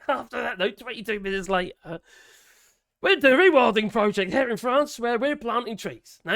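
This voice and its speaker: A man's voice: high-pitched, a bit bright, dry recording, clean studio sound. A man with a Norfolk accent and strained, worn vocal cords, ranting to camera in a casual vlog, swearing and giggling as he goes. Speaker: vlogger. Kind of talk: casual opinion rant to camera.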